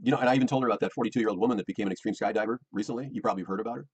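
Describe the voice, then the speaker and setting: A man's voice: lowish voice, very fast, slightly rough, poor audio. A middle-aged American man, rambling and defensive, repeating himself as he complains about his personal life. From United States.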